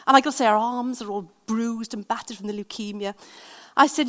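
A woman with a Welsh accent preaching a sermon, telling stories in an animated, conversational way. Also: medium pitch, quick pace. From Wales. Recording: long hall reverb.

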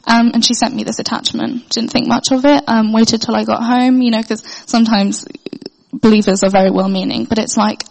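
A woman's voice: fairly high pitch, level tone, normal speed, creaky, darkish tone, long reverb tail, poor audio. A young woman sharing a heartfelt personal faith testimony, hesitant, with many fillers and restarts. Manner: earnest, heartfelt.

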